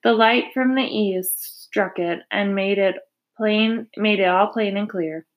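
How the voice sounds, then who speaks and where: Woman narrator, gentle steady read-aloud of a kids' story. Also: mid-range voice, slow pace, highs cut off. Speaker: reader. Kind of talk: reading a children's novel aloud.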